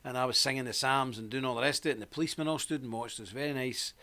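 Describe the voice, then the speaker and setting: A man's voice: medium pitch, steady tone, racing, bright, forceful tone. A man hosting a live stream, telling a rambling anecdote and greeting viewers by name in a casual, chatty way.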